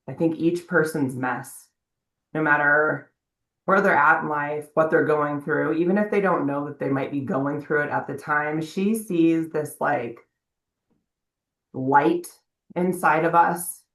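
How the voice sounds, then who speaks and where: Slow, reflective woman in a roomy echo. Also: sits low. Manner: reflective, pausing between phrases. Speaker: guest speaker. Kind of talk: heartfelt tribute on a video call. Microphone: video call.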